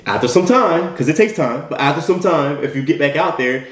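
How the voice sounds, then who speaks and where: A man's voice: fairly high pitch, animated, fairly quick. A man giving an emphatic motivational talk, full of repeated rhetorical questions. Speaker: motivational speaker. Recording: echoey room.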